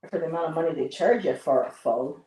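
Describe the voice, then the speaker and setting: A woman's voice: low voice, fast talker, dark tone, a little hiss or hum. A woman in her fifties hosting a casual livestream while painting, chatting in long rambling anecdotes and laughing often. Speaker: livestream host. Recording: echoey room.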